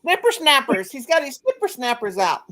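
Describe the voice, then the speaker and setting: A woman's voice: high-pitched, sing-song, moderate pace, fairly bright tone. A middle-aged woman hosting a casual family chat, rambling and telling stories with a lot of laughter. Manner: rambling, chatty storyteller who laughs a lot. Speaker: channel host.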